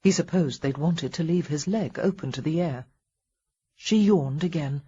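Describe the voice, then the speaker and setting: A woman narrating a historical romance audiobook in a calm, even storytelling manner. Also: sits low, moderate pace, breathy edge, muffled recording. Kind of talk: scripted narration.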